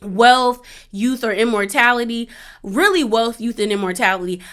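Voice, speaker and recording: A woman's voice: fairly high pitch, normal speed, a bit bright, lightly acted. Woman doing a demanding older man bargaining.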